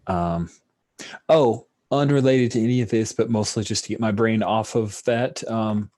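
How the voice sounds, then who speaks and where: A man narrating a tabletop role-playing game as game master, animated and often laughing. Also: fairly low pitch, normal speed.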